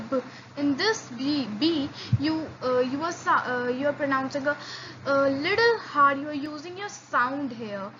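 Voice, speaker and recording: A woman's voice: sits high, bright, forceful tone, muffled recording, slight background noise. A woman teaching a beginner language lesson, patient and encouraging, often restarting and repeating sounds for learners to copy. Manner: frequent restarts and fillers.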